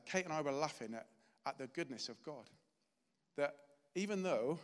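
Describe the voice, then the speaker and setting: A man's voice: fairly high pitch, a bit bright, long reverb tail. A middle-aged man giving a sermon, telling a personal story in an earnest, chatty way. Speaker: preacher.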